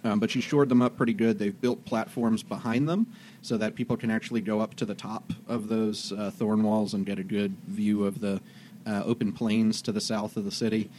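Rambling, low-voiced male game master. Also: steady tone, moderate pace, a little mellow, a little hiss or hum. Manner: rambling, hesitant summary with many fillers. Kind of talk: narrating a tabletop game.

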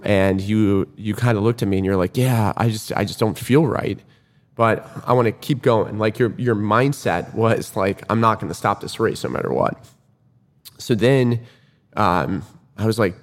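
Man, low voice, casual storytelling, quotes people, reverberant room. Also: normal speed. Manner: animated retelling, acts out quoted lines.

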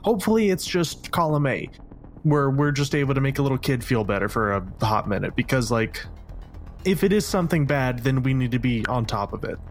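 A man playing in a tabletop role-playing game, talking with animated, rambling enthusiasm. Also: medium pitch, a little fast, faint music behind. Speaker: player. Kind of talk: casual tabletop role-play.

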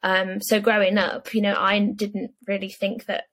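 A woman hosting a podcast, asking gentle questions and sharing her own view in an interview. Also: mid-range voice, flat delivery, moderate pace. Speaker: podcast host.

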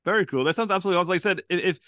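A man's voice: high voice, rapid-fire, bright, forceful tone, dry recording. A man hosting an interview, asking questions with effusive enthusiasm. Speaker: interview host. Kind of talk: casual interview.

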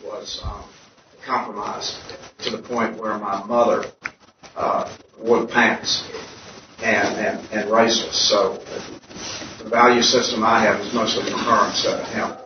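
A man in the audience hesitantly asking a question, picked up from far off in a roomy space on a lo-fi, noisy recording. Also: fairly low pitch. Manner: halting, hesitant, flat.

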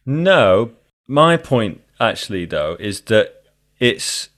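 A man's voice: lowish voice, very animated, takes it slowly, a bit bright. A man hosting a podcast, talking in a casual and enthusiastic way. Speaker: podcast host. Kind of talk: casual conversation.

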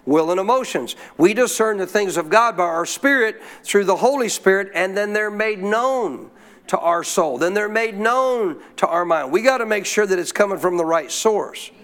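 A man with a notably high voice preaches to a congregation at a church service. He leaves blanks in his sentences for the crowd to fill in and repeats key lines for emphasis. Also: expressive, normal speed, fairly bright tone. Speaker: pastor. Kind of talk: sermon.

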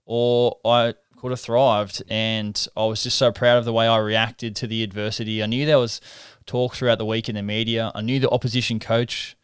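Man, 30s, interview guest, earnest and reflective, smooth resonant voice. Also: lowish voice, flat delivery, moderate pace, hardly any pauses, dry recording, clean studio sound. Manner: reflective, earnest storytelling with frequent restarts. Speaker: interview guest, professional rugby league halfback. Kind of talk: casual interview conversation.

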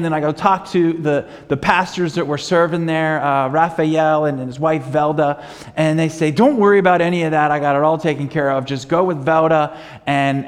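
Higher-voiced man preaching in a reverberant hall. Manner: storytelling with fillers, rising to fervent preaching. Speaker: pastor. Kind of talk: sermon.

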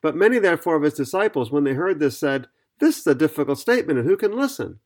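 A man's voice: fairly high pitch, lively intonation, fast talker. A man teaching on a podcast Bible study, reading scripture aloud and explaining it in an earnest, methodical way.

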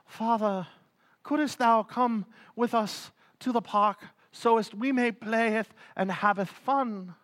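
A man voicing a child who talks to his father in slow, formal, archaic prayer language. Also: sits high, a bit bright. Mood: mock-solemn. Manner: slow, formal, mock-pious.

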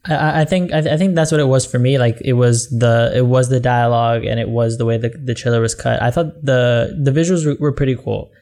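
Halting male podcast co-host. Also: medium pitch, fairly even intonation, darkish tone. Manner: halting, repeats words while searching for them. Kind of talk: casual chat.

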